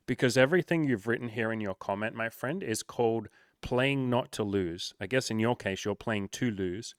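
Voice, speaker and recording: A man's voice: medium pitch, moderate pace, clean tone, no echo, studio quality. A man working as a life coach, answering viewer comments to the camera in a blunt, profane, emphatic pep-talk manner.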